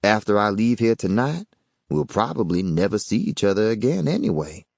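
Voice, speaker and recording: A man's voice: big pitch swings, normal speed, vocal fry, darkish tone, dry recording, clean studio sound, heavily acted. A man voicing a troubled young woman with a blunt, clipped way of talking in an audiobook. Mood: guarded. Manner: blunt, clipped, raised-pitch delivery. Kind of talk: audiobook character voice.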